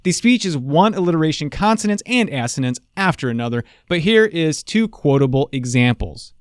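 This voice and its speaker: A man teaching public speaking in a playful, joking scripted style. His voice sits a little high, with a very lively, animated melody. The sound is close and dry. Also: a little fast, smooth, dry recording. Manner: playful, jokey, upbeat. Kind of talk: scripted video lesson.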